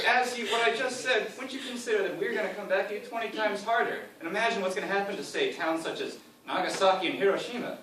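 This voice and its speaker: A man telling a deadpan comic tall tale, rambling on with loud acted-out quotes and chuckling asides. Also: high-pitched, quick pace, hardly any pauses, crowd noise. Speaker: speaker giving a comic presentation. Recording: echoey room from far off, faint hiss.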